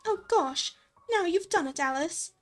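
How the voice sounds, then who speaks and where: A woman voicing a startled, flustered young girl in a game, with excited exclamations. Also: very high-pitched, a little slow, soft background music, voice pushed up.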